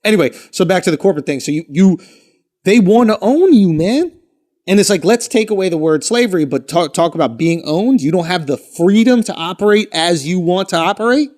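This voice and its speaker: A man's voice: high voice, animated, brisk, a little mellow. A man co-hosting a podcast in casual chat, arguing his point at length in a blunt, profane way. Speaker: podcast co-host.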